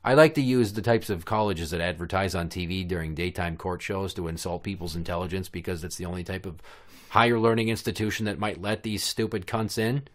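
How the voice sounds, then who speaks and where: A man's voice: low voice, a little fast. Profane sarcastic man ranting. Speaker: podcast host. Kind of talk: casual ranting storytelling.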